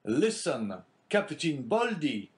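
A man reading the part of an eager, generous young sailor in an audiobook, pitching his voice up. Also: slow pace. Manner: lifted, excited and louder than the narration.

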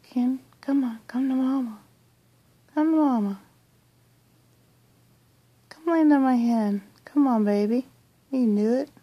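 A middle-aged woman talking softly in a bedroom at night, cooing affectionately and often half-whispering. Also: medium pitch. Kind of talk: soft-spoken recorded monologue.

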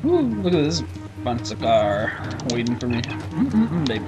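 A man giving goofy, excitable commentary while playing a video game. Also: medium pitch, measured pace. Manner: jokey, excitable, sing-song outbursts. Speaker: let's play commentator. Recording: commentary over game music.

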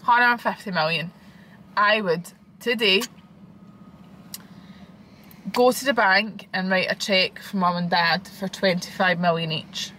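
A young Scottish woman chats with a bright, forceful voice and plenty of slang. She talks casually and animatedly, with a little swearing thrown in. A faint noise sits behind her. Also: medium pitch, fairly even intonation, moderate pace, low-quality recording. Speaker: vlogger. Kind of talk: casual chat.

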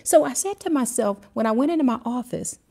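A woman in middle age leads a livestreamed devotional, her voice soft and dark with a husky edge. She tells stories earnestly, wanders off on side paths and then brings herself back to the lesson. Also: high voice, expressive, fairly quick. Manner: earnest storytelling, drifting and circling back. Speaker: Christian teacher and mentor. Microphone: livestream camera mic.

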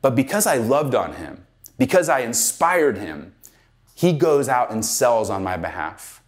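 Middle-aged guy doing a keynote, chatty animated storyteller, says like a lot, normal pitch. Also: unhurried. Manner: animated, conversational, heavy use of "like". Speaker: keynote speaker.

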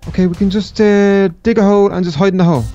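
Brief: excitable man playing a game role-play, very high voice, repeats short cries. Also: quick pace, dull audio, soft background music.

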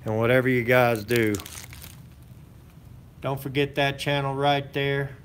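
Man, channel host, casual live-stream chat, folksy, rambling, mid-pitched voice, faint background noise. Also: fairly even intonation, unhurried, pauses often. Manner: rambling, folksy, many fillers and restarts.

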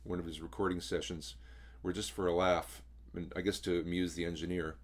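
Speaking in a relaxed, throaty way that swallows words, a baritone man teaches singers how to sound like a rock vocalist. His tone is level and his pace a little fast.

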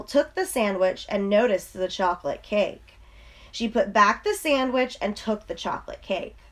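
A woman reads a children's storybook aloud at an unhurried pace. Her voice sits a little high. Each line comes out clear and deliberate. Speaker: reader.

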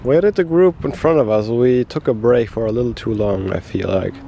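A man talking in a monotone, feeling unwell, narrating a casual travel vlog outdoors on a coastal trail. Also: medium pitch, fairly quick, gravelly. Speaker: travel vlogger. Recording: outdoor noise behind the voice.

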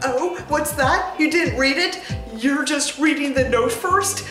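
A woman's voice: sits high, a little slow. A woman reading out a self-satisfied author's note in a chatty, sugary voice. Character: gushing, self-satisfied woman author writing to her readers. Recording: roomy echo with music behind.

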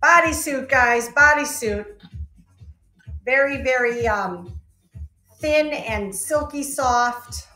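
A woman's voice: high-pitched, slow pace, long pauses, bright, forceful tone, faint music behind. A woman hosting a live online clothing sale, chatting casually and calling out item sizes, often laughing. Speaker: live-stream seller host.

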